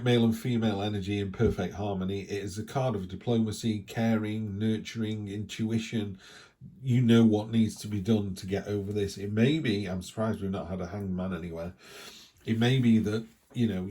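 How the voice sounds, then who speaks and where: English man, middle-aged, lowish voice, chatty tarot reading, coughing. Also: dark tone. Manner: chatty, rambling, with asides. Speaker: tarot reader. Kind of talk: casual weekly tarot reading.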